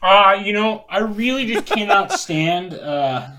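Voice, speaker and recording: A man's voice: high-pitched, expressive, slow pace, bright, forceful tone. A man in a casual call chat, rambling and hesitant while airing strong opinions.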